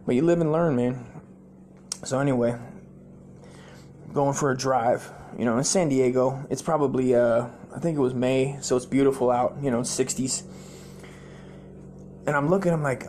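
A former sailor hosting a comedy podcast, telling a long story in a rambling, heavily profane way and acting out the people in it. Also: male voice, mid-range voice, normal speed, pauses often, a little hiss or hum. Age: adult, former sailor. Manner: profane, rambling, animated quoted voices.

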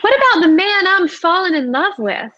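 A woman's voice: very high-pitched, very animated, normal speed, sharp tone, muffled recording, voice pushed up, full character voice. A woman reading the part of a young female ship passenger who is falling in love, asking earnest, pleading questions.

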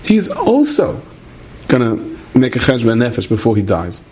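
A man telling a story in an animated way, repeating phrases for effect. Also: medium pitch, a little fast, husky. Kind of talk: spoken storytelling.

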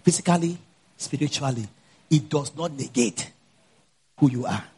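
A man with a Nigerian accent, a pastor mixing a personal story into his sermon, dropping low for asides and rising loud to preach. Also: lively intonation, normal speed, slightly rough.

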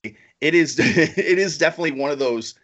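A man co-hosting a podcast in casual chat, excitable and rambling, laughing often. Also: on the high side, moderate pace, dull audio. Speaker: podcast co-host.

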